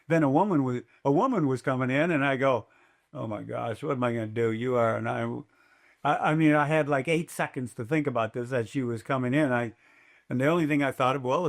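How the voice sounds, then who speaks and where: Telling stories on a podcast interview, the older man, a race announcer, stays animated and raises his voice to act out quotes. He speaks in a mid-range voice, a little on the fast side.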